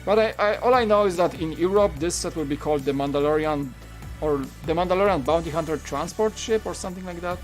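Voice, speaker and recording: Man, Polish accent, slightly high voice, relaxed rambling live-stream chat, lots of fillers, faint background music. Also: quick pace. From Poland. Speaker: live-stream host building a toy set. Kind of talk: casual live-stream chat while building.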